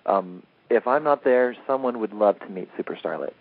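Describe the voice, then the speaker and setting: A man's voice: on the low side, lively intonation, moderate pace, vocal fry, dry recording. A man being interviewed as a comics editor, talking casually and eagerly, rambling a little and laughing easily. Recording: tinny phone-line audio.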